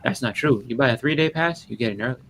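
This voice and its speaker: A man with a thick Boston accent chats as a podcast host. He talks fast and circles back over his own words, and his voice has a gravelly edge. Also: medium pitch, a bit bright, low-quality recording. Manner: rambling, repeats words while talking. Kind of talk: casual chat.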